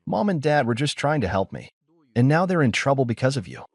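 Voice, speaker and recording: A man voicing an entitled, angry younger brother who snaps and yells in a story reading. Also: mid-range voice, very animated, fairly quick, dry recording, studio quality, voice pushed up. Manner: snapping, spiteful.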